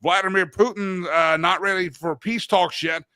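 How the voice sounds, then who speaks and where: A man's voice: sits high, steady tone, moderate pace, bright, forceful tone, clean tone, dry recording, studio quality. A middle-aged man hosting a talk show, telling rambling personal stories and often correcting himself mid-sentence. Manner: rambling, anecdotal, self-correcting. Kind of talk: casual talk show monologue.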